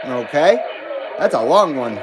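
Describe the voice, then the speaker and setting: A man's voice: fairly high pitch, sing-song, unhurried, noisy background. A man hosting a CB radio livestream, reading chat messages aloud in a rambling, self-deprecating way and laughing often. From western United States.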